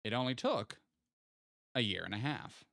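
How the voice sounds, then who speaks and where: A man live-streaming a geography game, chatting casually as he reasons out each location. His pitch leaps around animatedly, and he ribs his viewers with playful banter. The sound is dry and close. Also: animated, moderate pace, vocal fry, sharp tone, dry recording. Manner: thinks aloud, playful teasing of chat.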